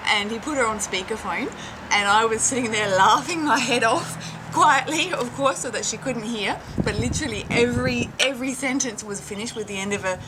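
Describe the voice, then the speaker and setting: A woman's voice: a little high, fairly quick, background noise. An Australian woman telling a casual story, chatty and full of fillers and restarts, often laughing.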